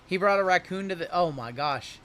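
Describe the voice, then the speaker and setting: A high, bright-voiced man runs a livestream card break, calling out every pull as it comes. He keeps the patter jokey and upbeat between cards. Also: lively intonation, fairly quick, a little hiss or hum. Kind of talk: livestream card-opening commentary.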